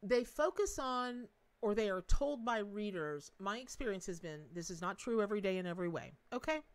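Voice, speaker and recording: A middle-aged woman running a live tarot stream. She talks in a bubbly, rambling way, laughs often and drops folksy asides to her viewers. Her voice sits at an ordinary pitch for a woman. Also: expressive, fairly quick, clear, resonant tone. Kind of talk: chatty live-stream reading.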